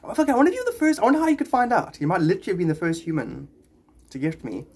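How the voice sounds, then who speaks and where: A man's voice: sits high, sing-song, racing, a little mellow, breathy edge. A man livestreaming casually, chatting in a rambling way and greeting viewers by name.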